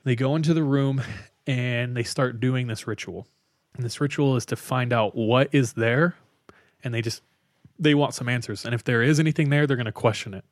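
A man co-hosting a podcast, casually retelling a spooky story with lots of fillers and a hushed tone for the eerie parts. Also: mid-range voice, moderate pace, dry recording, studio quality. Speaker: podcast co-host telling a story.

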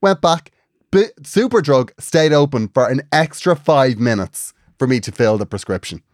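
Ranting Irish man, lively pitch. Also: moderate pace, no echo, studio quality. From Ireland. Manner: animated ranting storyteller. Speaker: podcast co-host. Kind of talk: casual chat.

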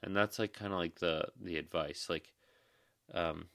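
A man's voice: low-pitched, fairly even intonation, measured pace, gravelly, fairly bright tone, dry recording, clean studio sound. A tired young man, a new dad and emergency manager, hosting a podcast in an earnest, reassuring, rambling way. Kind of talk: casual podcast monologue.

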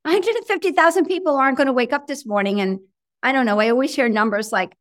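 A woman in middle age, a guest in an interview, talking in a chatty, animated way with lots of fillers and acted-out quotes of her own thoughts. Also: sits high, fast talker. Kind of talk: conversational interview.

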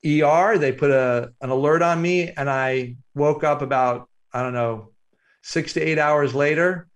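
In a fairly high-pitched voice, an author being interviewed tells a reflective story, taking his time and pausing haltingly with fillers.

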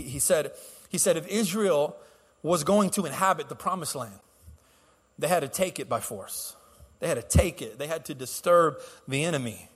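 A man's voice: a little high, fairly bright tone, breathy edge. A man preaching a sermon as pastor, telling stories casually with restarts and laughs, then building to fervent exhortation. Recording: long hall reverb.

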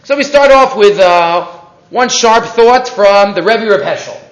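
A man giving a lively, questioning Torah lesson, dotted with Hebrew terms. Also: high-pitched, measured pace. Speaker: Torah teacher. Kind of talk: weekly Torah portion class. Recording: echoey, dull lo-fi room recording.

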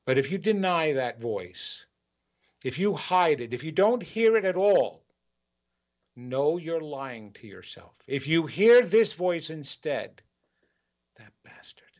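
A man's voice: a little high, big pitch swings, slow, a little mellow. Earnest man giving a spiritual pep talk. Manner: earnest, repetitive, building emphasis. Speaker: spiritual talk show host. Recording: dull lo-fi recording.

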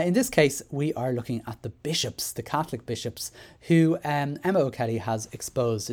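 A man's voice: mid-range voice, a little mellow. An Irish man hosting a solo education podcast, talking in a chatty, rambling way with many fillers and restarts. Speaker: podcast host.

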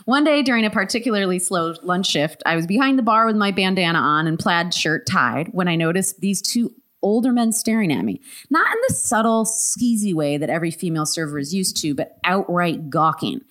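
A woman podcast co-host reading a listener's story aloud, animated and laughing often. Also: fairly low pitch, brisk.

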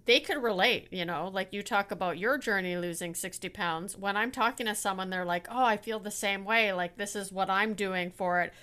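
A woman's voice: mid-range voice, moderate pace, hardly any pauses, sharp tone, clean tone. A woman hosting a podcast, chatting with a guest in an encouraging, conversational manner. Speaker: podcast host.

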